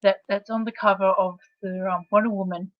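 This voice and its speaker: A woman's voice: medium pitch, steady tone, fairly quick, dry recording. An Australian woman chatting on a livestream, teasing the host and explaining at length with many restarts. The sound is dull and muffled, and the audio is dry. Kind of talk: casual chat.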